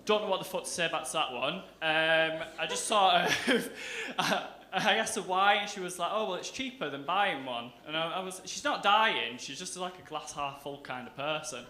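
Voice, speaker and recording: A man's voice: a little high, moderate pace, few pauses, bright, forceful tone. A young man from England with a Northern English accent, doing a chatty, self-mocking stand-up set on a club stage. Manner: chatty, self-mocking, breaks into laughter, acts out quotes. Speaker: stand-up comedian. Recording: roomy club sound with faint hiss.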